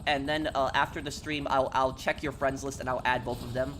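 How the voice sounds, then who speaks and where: A man's voice: mid-range voice, level tone, a little fast, fairly bright tone, a little hiss or hum. A man streaming a game live, chatting casually with viewers and answering their messages, often stopping and repeating words. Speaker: gaming streamer.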